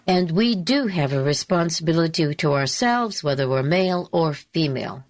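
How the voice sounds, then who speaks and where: A woman talk show host telling a story in a slow, deliberate, emphatic way, repeating her key phrases. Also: low voice, animated. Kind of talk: storytelling monologue.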